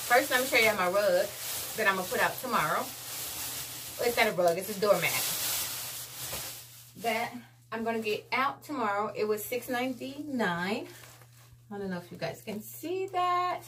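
A woman's voice: a little high, expressive, normal speed, long pauses, noisy background. A woman, chatting casually to viewers in a laid-back home haul vlog. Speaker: vlogger.

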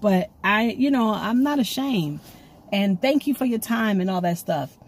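A woman giving an excitable, rambling prophetic message to her viewers, recorded on her own camera at home. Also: mid-range voice, unhurried. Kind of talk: casual prophetic video message. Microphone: camera she sets up herself.

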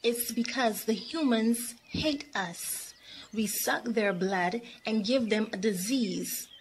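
A woman's voice: fairly high pitch, slow, slight background noise. Niagara, a kind odd little female mosquito, voiced by a woman. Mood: indignant.

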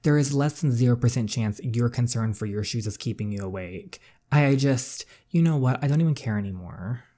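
A bitter, defiant teenage girl snaps at her family in a story game, as a man reads her part aloud. Her voice is mellow and dark under the lifted pitch, sharp and exasperated. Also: normal speed, lightly acted. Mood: irritated.

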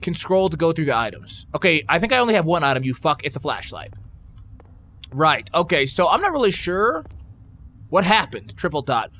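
A young man doing profane, excitable horror game commentary, reading game text aloud and shouting when scared. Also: a little high, normal speed. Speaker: gaming YouTuber.

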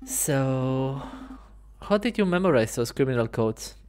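A man's voice: medium pitch, animated, a little slow, a little mellow, clean tone, lightly acted. A man voicing an eager young male sparrow assistant who sounds curious and questioning.

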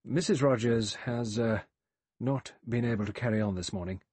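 A man's voice: medium pitch, moderate pace, a little mellow, husky, no echo, natural voice. A man doing a composed hesitant doctor. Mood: easy. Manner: easy with hesitations.

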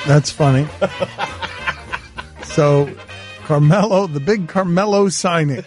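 A man's voice: mid-range voice, darkish tone, no echo. A man hosting a sports radio show, talking casually and laughing easily. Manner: quick-witted, laughs easily.

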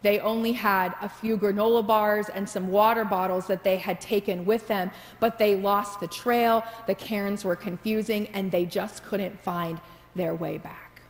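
Woman, pastor, storytelling sermon, gravelly edge, reverberant sanctuary. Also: medium pitch, fairly even intonation, a little slow. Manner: storytelling preacher, builds to prayer. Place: church sanctuary.

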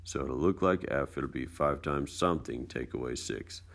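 A man with a very deep, gravelly voice talks through math homework in a relaxed screencast lesson. He explains each step casually, with chatty, folksy asides. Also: moderate pace. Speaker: math teacher. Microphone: tablet screencast mic.

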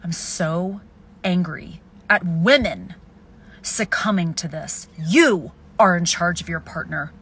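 A young woman ranting furiously and profanely at the camera, swinging between shouts and hushed hisses. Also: lowish voice, takes it slowly, breathy edge. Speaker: video poster. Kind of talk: angry self-filmed rant.

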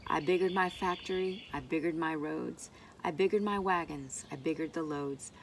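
Woman reading a rhyming storybook, lower voice. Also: normal speed, slight background noise. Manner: expressive, rhythmic. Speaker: storybook reader. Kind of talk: reading a rhyming picture book aloud.

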